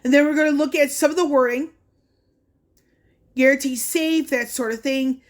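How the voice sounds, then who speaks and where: A woman's voice: high voice, fairly even intonation, normal speed. A woman vlogger talking casually through a screen recording, earnest and warning, with fillers and restarts. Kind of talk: casual screen-share walkthrough.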